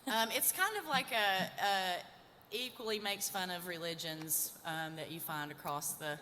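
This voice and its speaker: A woman's voice: lowish voice, bright, forceful tone, a little hiss or hum. A young woman, a folk singer, chatting and laughing between songs on a live stage. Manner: chatty, laughing, quick asides. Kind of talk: casual on-stage storytelling. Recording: live stage in a reverberant hall.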